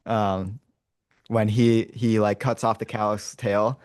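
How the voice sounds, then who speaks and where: Low-voiced man rambling through a story. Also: level tone, takes it slowly, no echo, studio quality. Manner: rambling, many fillers and restarts; acts out lines and roars as he tells it. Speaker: podcast host retelling a movie. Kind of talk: casual storytelling to his brother.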